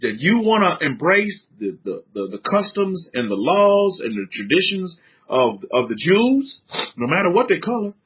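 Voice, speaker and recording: His husky voice sits high and swings widely in pitch as he preaches at a moderate pace. This San Antonio religious teacher delivers a fervent, conversational, slang-laced informal sermon, captured on a dull lo-fi recording.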